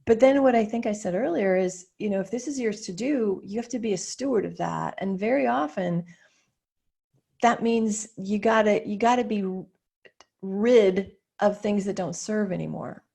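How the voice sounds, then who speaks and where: Gravelly, husky woman coach talking frankly. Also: medium pitch, moderate pace. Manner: frank and animated, acts out her inner thoughts. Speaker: business coach guest. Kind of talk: candid conversational storytelling.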